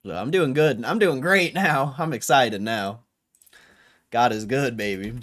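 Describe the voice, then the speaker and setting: A man's voice: a little high, animated, slow pace, pauses often, a bit bright. A young man hosting a livestream, chatting casually and reading viewer comments with a laid-back, rambling manner full of slang. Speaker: livestream host.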